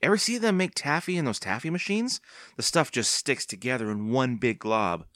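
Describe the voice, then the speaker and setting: A man voicing a spunky young girl in a storybook reading, with quick, alarmed and determined lines in a raised voice. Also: medium pitch, expressive, a bit bright, no room sound, studio quality, voice pushed up, lightly acted. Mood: brisk.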